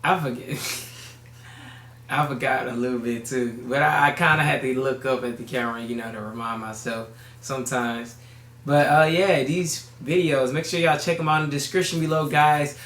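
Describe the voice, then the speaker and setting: A woman chatting casually to the camera in a relaxed way while reacting to a video. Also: rumbling low, moderate pace. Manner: relaxed, laid-back talk. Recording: roomy echo.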